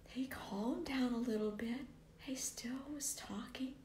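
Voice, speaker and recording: A woman tells a personal story slowly and earnestly, her voice often sinking to a hushed near whisper before rising on words she stresses. She was recorded in a roomy, echoing space with a faint hiss of noise behind her. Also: high voice. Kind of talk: personal story told to viewers. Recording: echoey room, faint background noise.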